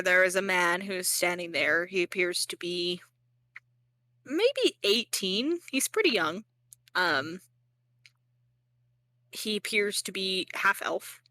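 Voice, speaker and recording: A woman's voice: fairly low pitch, sharp tone, dry recording. A young woman narrating as game master in a casual, rambling way, full of fillers and joking at herself.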